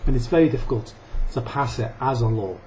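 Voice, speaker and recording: Talking briskly in a medium-pitched, slightly mellow voice, a male vlogger delivers a profane, angry rant to the camera, with laughter and coughing between bursts. The recording has dull lo-fi sound and faint noise.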